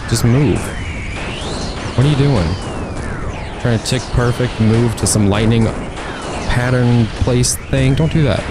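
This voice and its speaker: A man's voice: mid-range voice, unhurried, pauses often, very noisy. A man casually commenting on his own gameplay as a streamer, wry and chatty, talking to himself and his viewers. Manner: wry, talks to himself and chat, laughs often.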